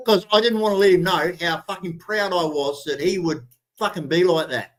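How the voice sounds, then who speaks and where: A man with a high voice chats casually on a livestream call. He stammers and swears for emphasis. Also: moderate pace. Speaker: co-host. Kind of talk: casual chat.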